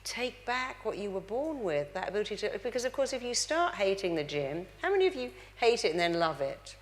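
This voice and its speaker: A woman's voice: mid-range voice, a little fast. A middle-aged woman giving a motivational talk to a live audience, acting out the lines she quotes. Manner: animated, acts out quoted dialogue. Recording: long hall reverb.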